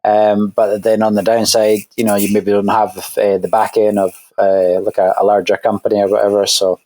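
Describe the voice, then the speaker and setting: A man's voice: fairly low pitch, flat delivery, normal speed, mellow, dry recording. Hesitant Scottish man, dry sound. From Scotland. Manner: hesitant, many fillers and restarts. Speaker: guest musician. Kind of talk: casual interview chat.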